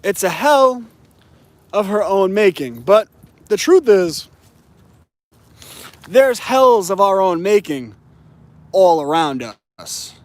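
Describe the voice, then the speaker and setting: High-voiced man ranting about politics. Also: big pitch swings, darkish tone, dry recording. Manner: emphatic, slows down to stress key words. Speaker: political commentator. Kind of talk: opinionated political monologue.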